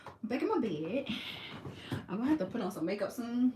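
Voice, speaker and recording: A woman vlogging casually from her bed, chatty and expressive, moving between loud projected talk and a soft, calm low voice. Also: fairly quick, pauses often, roomy sound, far from the mic, noisy background. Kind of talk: casual chat to followers.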